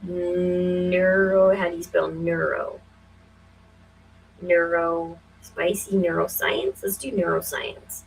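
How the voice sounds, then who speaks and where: A woman in her forties hosting a casual livestream, thinking aloud with many fillers and breaking into quick, emphatic, conspiratorial bursts. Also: on the low side, level tone, slight background noise, low-quality recording. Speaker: livestream host.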